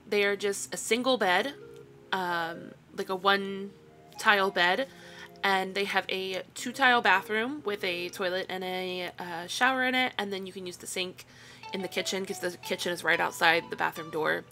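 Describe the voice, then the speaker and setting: A woman narrates a voiceover in a chatty, rambling way, full of ums and little asides. Her voice is bright and clear, and she sounds tired. Soft music plays faintly behind her. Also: mid-range voice. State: yawning, tired. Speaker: video creator.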